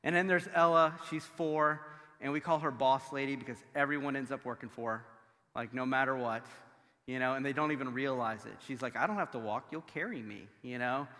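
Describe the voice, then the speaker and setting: Pastor, man in his 30s, chatty and animated, bright forceful tone, booming church reverb. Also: brisk. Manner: conversational, filler-heavy, animated storytelling. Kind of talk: sermon with humorous family stories. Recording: long hall reverb.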